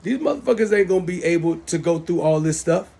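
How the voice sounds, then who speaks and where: A man's voice: a little high, expressive, fast talker, gravelly, dark tone. A middle-aged man delivering a heated, profane, repetitive rant into his smartphone as the host of his own show. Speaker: self-styled show host. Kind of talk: angry rant to camera.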